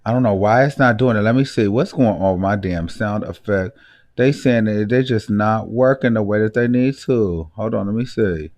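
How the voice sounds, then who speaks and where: A man's voice: lowish voice, normal speed, a little mellow. A young adult man hosting a live stream, ranting bluntly and profanely. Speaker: host.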